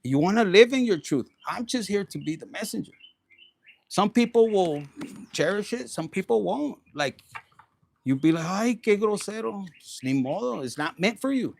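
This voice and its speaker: A man doing a casual, animated tarot reading, swearing often and slipping into Spanish slang. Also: high voice, moderate pace, creaky. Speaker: tarot reader.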